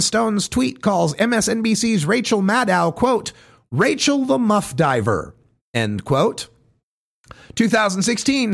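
A man with a fairly high voice that swoops up and down as he reads. He delivers pointed commentary at a measured pace, setting off each quote with pauses. His tone has a gravelly edge. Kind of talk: reading a list of quotes, commentary.

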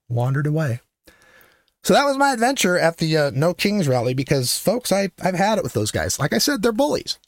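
A male host with a fairly high, very lively voice tells a story in a loose, casual monologue. He talks bluntly and swears freely, and he climbs toward near-shouting when he gets heated. The recording is close and dry, with no room sound. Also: no echo. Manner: animated, rising to near-shouting when worked up, laughs between lines; profane and blunt. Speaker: podcast host.

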